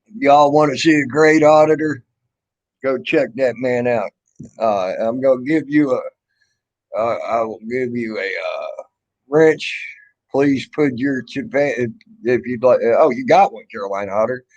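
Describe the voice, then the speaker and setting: A man's voice: medium pitch, measured pace. A man hosting a casual livestream chat, blunt and profane, rambling with lots of fillers. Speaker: livestream host. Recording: dull lo-fi stream audio.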